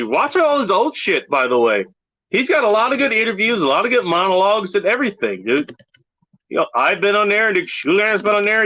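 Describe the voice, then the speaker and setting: A man from the Pacific Northwest of the US hosts a casual livestream, rambling and swearing as he talks with a caller and his chat. His voice is high, pushed, and bright, and the stream audio is dull and lo-fi.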